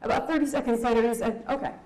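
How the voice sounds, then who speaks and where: A woman's voice: mid-range voice, fairly quick, darkish tone. A young woman from Southern California giving a candid, emotional personal talk at a conference, with a laugh now and then. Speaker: conference speaker. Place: conference hall. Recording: echoey hall.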